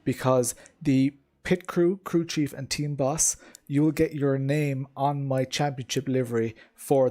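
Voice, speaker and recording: A man hosts his own sim racing livestream in an easygoing, rambling way, often pausing on um and uh. His voice sits at an ordinary middle pitch for a man. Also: warm tone. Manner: chatty, rambling, lots of ums and uhs. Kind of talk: casual livestream chat while gaming.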